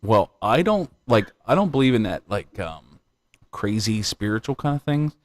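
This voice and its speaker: A man's voice: fairly low pitch, very animated, normal speed, dry recording, studio quality. A man hosting a live stream, chatting casually and telling rambling stories with frequent laughter. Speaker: livestream host.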